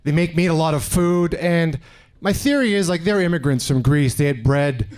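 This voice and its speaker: On a club stage, a Canadian stand-up comedian in his forties speaks with a slightly high, darkish voice at a moderate, animated pace. His storytelling includes acted-out voices of others, met by audience laughter.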